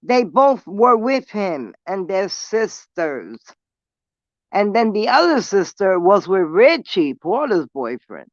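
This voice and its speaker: A woman's voice: mid-range voice, very animated, slow, no room sound, highs cut off. A woman from New City, telling a story in blunt, profane street talk while smoking. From New York City. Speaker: vlogger. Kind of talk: casual storytelling.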